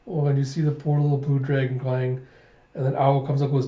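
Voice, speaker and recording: A man reading a manga aloud with commentary, retelling the scenes in an animated way. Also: medium pitch, brisk. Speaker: manga reviewer. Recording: dull echoey home recording.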